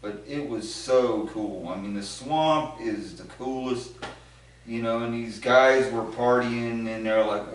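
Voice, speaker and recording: A man from Ohio with a mid-range, unhurried voice tells a rambling anecdote in casual chat, acting out what other people said. He's a show regular answering questions, recorded far from the mic in a very echoey space with slight background noise.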